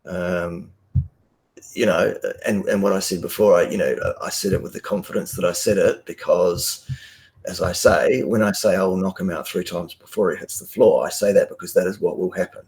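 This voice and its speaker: A man, a guest on a live stream, talking bluntly and forcefully with many ums and restarts, over a video call. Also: sits low, moderate pace. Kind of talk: casual live-stream talk.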